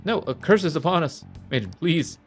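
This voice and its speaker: A man's voice: fairly high pitch, expressive, normal speed, gravelly, faint music behind. A man reading a desperate cult follower. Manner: pleading, panicked. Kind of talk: reading video game dialogue aloud.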